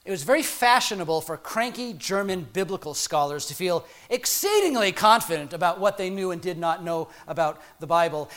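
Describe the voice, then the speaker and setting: High-voiced, playful middle-aged preacher. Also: male voice, a bit bright. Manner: conversational, playful, with frequent ums and restarts. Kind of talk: sermon.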